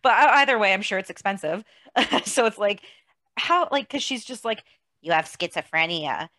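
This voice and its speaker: A woman chatting casually about a film, animated, laughing often and acting out lines. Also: on the high side, moderate pace, no room sound. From outside the US.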